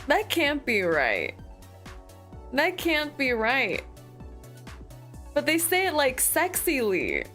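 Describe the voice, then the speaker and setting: A high-voiced woman chats casually with her stream audience, giggly, with a lively, swooping melody. She takes her time over her words, and faint music plays behind her. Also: slow pace, pauses often. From United States. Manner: giggly, animated, chatting to viewers. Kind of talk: casual livestream chat.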